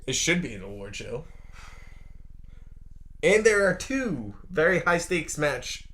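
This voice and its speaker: Young male co-host with casual, joking delivery; high-pitched and forceful. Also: very animated, takes it slowly. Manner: joking, sweary banter. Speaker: podcast co-host. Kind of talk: casual chat.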